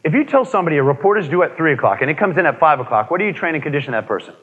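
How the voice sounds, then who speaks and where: An energetic man leads a seminar, his pitch rising and falling a lot and sitting a bit high for a man. The sound is dull and lo-fi, with a long hall reverb around him. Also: rapid-fire, breathy edge. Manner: energetic, asks the room questions, repeats key points. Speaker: motivational speaker. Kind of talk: live seminar talk to an audience. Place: seminar room with an audience.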